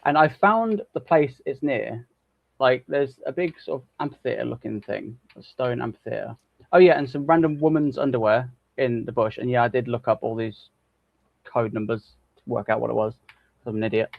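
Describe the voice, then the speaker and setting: A man's voice: medium pitch, normal speed, creaky, dry recording, highs cut off. A man co-hosting a live stream in a casual, joking way, swearing freely. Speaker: co-host.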